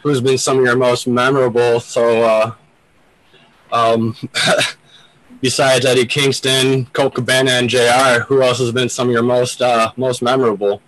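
A man's voice: mid-range voice, level tone, measured pace, fairly bright tone, no echo, rough recording. A man interviewing a guest, asking easygoing questions with a few fillers. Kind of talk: casual interview.

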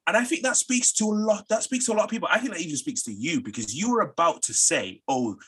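A man's voice: sits high, expressive, fast talker, a bit bright, breathy edge. A man from Manchester with a Mancunian accent, co-hosting a podcast and arguing his point persistently in casual debate. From Manchester, England.

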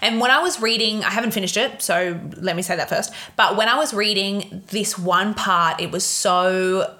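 In a candid solo podcast monologue, a young woman talks openly and emotionally about relationships, cursing without restraint. Her medium-pitched voice sounds pushed and bright, at a normal speed.

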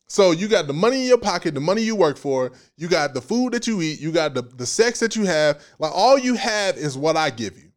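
A man preaching a casual sermon in an animated, playful way, with slang and frequent laughs. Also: a little high, a little fast, hardly any pauses.

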